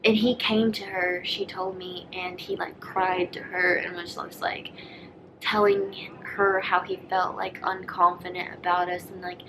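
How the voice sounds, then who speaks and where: A woman's voice: on the low side, little pitch movement, unhurried, noisy background. Young woman rambling through a storytime. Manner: rambling, filler-heavy, drops into whispered asides. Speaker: vlogger. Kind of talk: casual storytime vlog.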